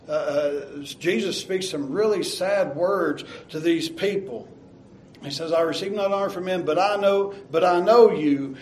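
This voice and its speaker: A man's voice: fairly high pitch, a little mellow. Echoey preacher man. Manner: earnest, repeats words, reads scripture aloud slowly. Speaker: pastor. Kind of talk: sermon.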